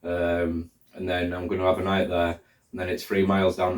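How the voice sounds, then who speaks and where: A man's voice: low voice, monotone, moderate pace, recorded from a distance, slight background noise. A man, a hiker talking casually to camera and thinking aloud with plenty of fillers as he plans his route. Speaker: hiker vlogger. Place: indoors, room where he is drying socks under a fan. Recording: echoey room, voice off-mic.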